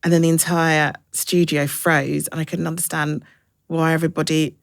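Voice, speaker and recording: A woman in her forties, a broadcaster guest in an interview, talking frankly and telling lively stories. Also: sits low, normal speed, vocal fry, no echo, studio quality. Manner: frank, anecdotal, lively storytelling. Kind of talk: casual interview chat.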